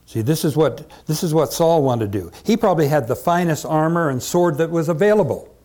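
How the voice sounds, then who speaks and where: A man's voice: on the high side, lively intonation, brisk, darkish tone. A male pastor preaching a sermon, emphatic and full of rhetorical questions.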